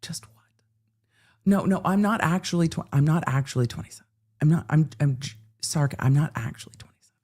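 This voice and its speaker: Woman livestreamer chatting casual, kinda low voice, swears a lot, tells stories all animated. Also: a little fast, long pauses. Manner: animated, swearing, storytelling with acted quotes. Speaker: legal commentary livestream host.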